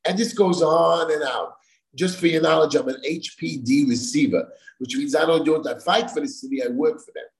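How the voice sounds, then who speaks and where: A man's voice: on the high side, brisk, gravelly, low-quality recording. A middle-aged man hosting a talk show, ranting in a heated conversational way and acting out the officials he argues with. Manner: animated, acts out quoted officials, repeats himself. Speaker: show host, building receiver.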